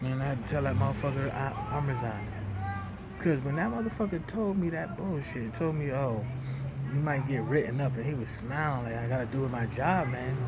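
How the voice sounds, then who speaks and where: Young man, venting rant, profane, heated, fairly high voice, traffic noise behind. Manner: heated, profane, swings from loud outbursts to low muttering.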